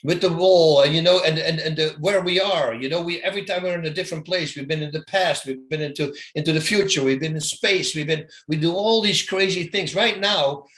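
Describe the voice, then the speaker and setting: A man, a former fighter, guesting in a casual interview, telling animated stories, mimicking punch sounds and laughing between phrases. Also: a little high, fairly quick, hardly any pauses.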